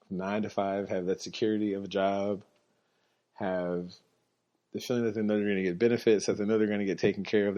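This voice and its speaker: A man's voice: fairly low pitch, a little mellow. A man hosting a podcast, telling a casual, rambling story and correcting himself as he goes. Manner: rambling, self-correcting, quotes others in his own voice. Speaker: podcast host. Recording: dull lo-fi recording.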